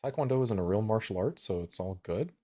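Low, lively teasing man. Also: fast talker. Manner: teasing, laughs often. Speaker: podcast co-host. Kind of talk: casual chat.

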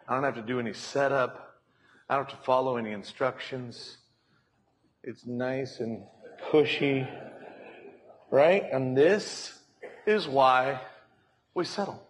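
A man's voice: medium pitch, lively intonation, unhurried, long pauses, a little hiss or hum. A male pastor preaching a sermon from a church stage, telling stories and acting out voices. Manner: storytelling, acts out voices in anecdotes.

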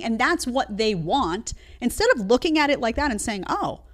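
A woman hosting a live opinion show, her pitch leaping up and down as she makes her points. She is emphatic and sarcastic and scolds her listeners. Her voice sits mid-range for a woman. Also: fairly bright tone. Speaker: show host.

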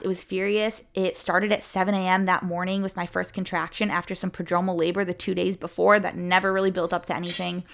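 Her voice is medium-pitched, creaky and fairly bright as this young woman, hosting a podcast or vlog, recounts her own birth story. It's casual, candid, chatty storytelling, peppered with fillers like "like" and quick emotional lifts in her voice.

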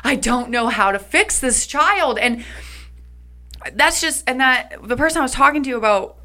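Woman, 30s, casual co-host; bright, a bit high, animated storyteller. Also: moderate pace. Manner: animated storyteller, acts out quotes with laughs. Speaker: podcast co-host. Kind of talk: casual couple chat.

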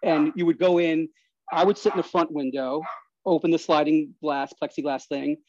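Animated New man telling stories. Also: on the high side, moderate pace, dry recording. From New York. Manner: animated, restarts, laughs mid-story. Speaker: podcast guest. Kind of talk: casual storytelling. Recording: slightly dull dry recording.

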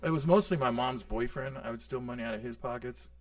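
A man's voice: mid-range voice, quick pace. A man from Tacoma, a podcast co-host, telling laid-back, profane stories in casual chat. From Tacoma, United States. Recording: dry, distant from the mic.

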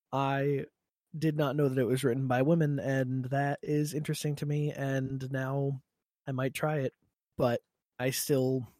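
A man's voice: medium pitch, darkish tone, no room sound, studio quality. A man co-hosting a podcast, chatting casually, giggling often and trailing off mid-thought. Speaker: podcast co-host. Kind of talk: casual chat.

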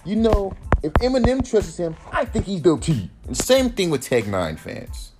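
A man's voice: sits high, sing-song, normal speed, music in the background. A man who raps hosts his own podcast, ranting in a heated, profane, emphatic way. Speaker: rapper and podcast host. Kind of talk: solo podcast rant.

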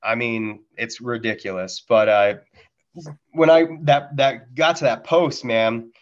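A man's voice: mid-range voice, fairly even intonation, slow, dull audio. A man, a Marine veteran and podcast guest, telling war stories in a candid, profane, casual way and mimicking gunfire sounds. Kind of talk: casual storytelling.

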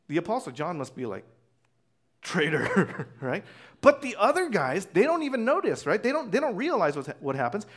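A man preaching a conversational sermon as pastor, telling the story casually and acting out voices. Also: high-pitched.

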